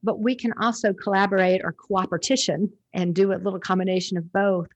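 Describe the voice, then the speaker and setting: A woman's voice: medium pitch, fairly even intonation, brisk, no echo. A woman guest on a podcast interview, talking in a reflective, rambling way with restarts.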